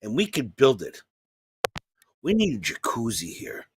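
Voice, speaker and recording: A man putting on his grandfather's voice, an old builder hatching a plan, dropping low and conspiratorial and swearing. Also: wildly swooping pitch, unhurried, a little hiss or hum. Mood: scheming. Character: excited old grandfather, tinkering builder type.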